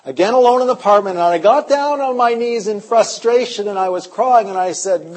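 A male preacher giving an impassioned sermon at a conference, dropping low and quiet, then rising loud and urgent. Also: a little fast, hardly any pauses, low-quality recording. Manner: impassioned, swings from hushed to loud. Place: conference hall.

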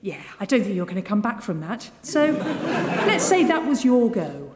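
An actress playing a chirpy female announcer who teases the listener in a bright, sing-song manner, in a comic radio sketch. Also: medium pitch, very animated, normal speed, over a noisy crowd, close to an everyday voice. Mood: teasing. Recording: echoey hall with loud background noise.

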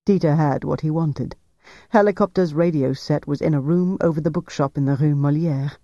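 A man narrating a novel aloud in a measured, even storytelling manner. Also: fairly high pitch, vocal fry, no echo, lo-fi sound. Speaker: audiobook narrator.

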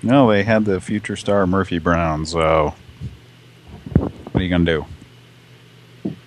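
A man's voice: sits low, measured pace, background noise. A man hosting a live prank call show, with crude, jokey banter and frequent laughs.

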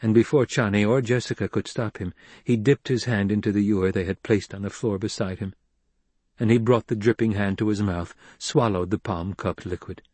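A man reading an audiobook in measured, even scripted narration. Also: lowish voice, no room sound.

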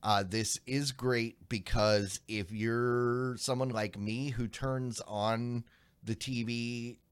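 A man with a mid-range voice co-hosts a casual tech podcast. He explains news stories in a halting way, full of pauses and restarts. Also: medium pitch, steady tone, clear, resonant tone. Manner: explanatory, hesitant, many ums and restarts. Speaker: podcast co-host.

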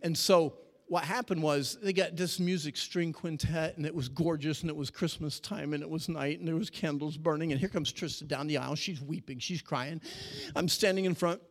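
A middle-aged man preaches a dramatic, animated sermon to a young crowd. His voice sits a little high. It rings out with a long reverb from a big hall as he swings from loud shouts to quiet storytelling. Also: normal speed. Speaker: youth speaker.

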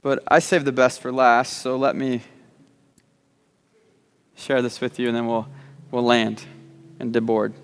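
A man's voice: medium pitch, level tone, a little slow, pauses often, clear, resonant tone, long reverb tail. A man preaching a sermon, repeating words as he starts sentences and slipping in joking asides. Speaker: pastor. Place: church sanctuary.

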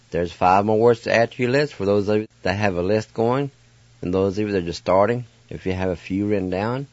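A man's voice: deep voice, normal speed, darkish tone, dry recording. A man hosting a radio language lesson, patiently spelling words letter by letter and pronouncing them. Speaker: radio host teaching language. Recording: dull dry studio sound.

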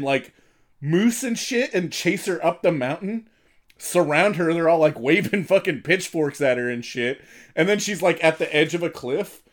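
A man co-hosting a podcast in casual, profane chat, retelling stories in a rambling way with lots of fillers. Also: a little high. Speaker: podcast co-host.

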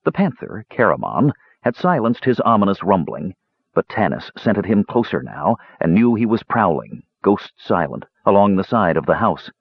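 A man narrates a fantasy story in a low, husky voice that moves up and down a lot. The recording is dull and dry, with no room sound. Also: dry recording. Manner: measured storytelling, lively pitch. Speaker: audiobook narrator.

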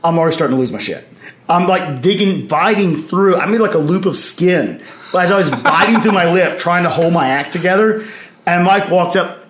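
A man's voice: fairly high pitch, a little fast. A man with a slightly raised voice tells stories as a podcast guest. He speaks with energy, breaks into the voices of the people in his anecdotes and laughs as he goes. The room leaves a noticeable echo on his voice. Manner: animated anecdotes, acts out others' lines, laughs while telling. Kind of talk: storytelling in casual conversation. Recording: roomy echo.

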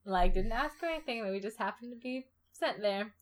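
Bubbly chatty woman, a bit high. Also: expressive, quick pace. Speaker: podcast co-host. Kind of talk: casual chat.

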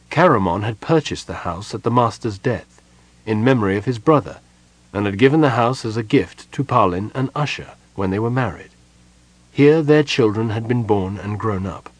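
A man narrating a fantasy audiobook in a steady, even reading voice. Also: on the low side, no room sound. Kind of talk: scripted narration.

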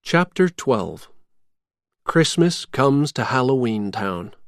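A narrator reading a simple storybook clearly and expressively. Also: mid-range voice, very animated, takes it slowly, no room sound, clean studio sound. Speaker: audiobook narrator. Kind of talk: graded reader storybook narration.

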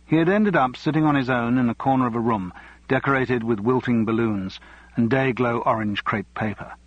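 A man narrates a novel at a measured, even pace. His voice is husky and sits at a middle pitch. The dry, close recording sounds dull. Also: dry recording. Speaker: audiobook narrator. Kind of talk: scripted narration.

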